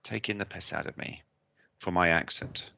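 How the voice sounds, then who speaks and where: Wry South African man, low voice. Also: normal speed, vocal fry, sharp tone, highs cut off. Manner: wry, storytelling, restarts phrases. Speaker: podcast co-host. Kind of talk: casual chat.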